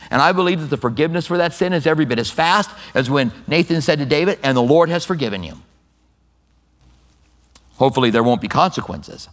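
A man preaching a sermon who reads scripture slowly and then explains it in plain talk with lively asides. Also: a little high. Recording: long hall reverb.

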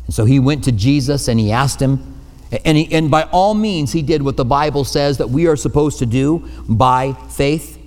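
Male pastor, mid-pitched, chatty pulpit sermon, big church reverb. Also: a little mellow. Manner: conversational, self-deprecating asides. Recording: long hall reverb.

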